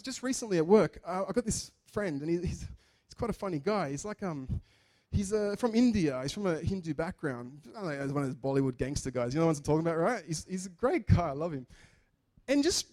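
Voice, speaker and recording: A man preaching a sermon in a chatty, joking way, acting out the people in his stories. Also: on the high side. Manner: animated, chatty, jokes and acts out quotes. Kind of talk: sermon with storytelling.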